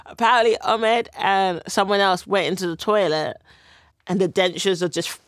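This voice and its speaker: A comedian rambles through a story with restarts and bursts of laughter. Mid-pitched voice, recorded close and dry. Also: fairly even intonation, a bit bright, dry recording. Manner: rambling, halting telling with laughs. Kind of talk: retelling a story on a comedy panel show.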